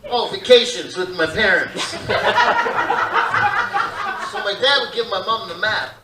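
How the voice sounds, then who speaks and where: High-voiced rambling comedian in his fifties. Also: a little slow, very noisy. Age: 50s. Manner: rambling, animated, off-topic asides. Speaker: stand-up comedian. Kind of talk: stand-up comedy. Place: theater stage. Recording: echoey live theater from far off. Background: audience laughter.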